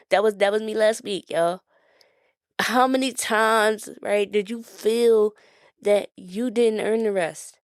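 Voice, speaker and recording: A woman with a Philadelphia accent talks to her listeners like friends, casual and encouraging, often asking "right?" between points. Her voice sits at an ordinary pitch. The sound is close and dry. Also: takes it slowly, no echo. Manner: conversational, asks "right?" often, laughs easily. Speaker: podcast host. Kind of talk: casual motivational talk.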